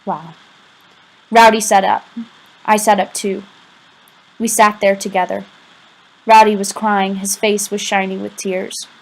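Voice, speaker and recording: A woman's voice: medium pitch, flat delivery, measured pace, long pauses, rough recording. A woman reading a first-person novel aloud in a conversational, confiding way with casual asides to the listener. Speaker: audiobook reader.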